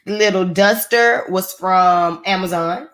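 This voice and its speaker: A woman's voice: mid-range voice, a little slow, fairly bright tone. A woman hosting her own live stream, chatting casually and playfully with her viewers.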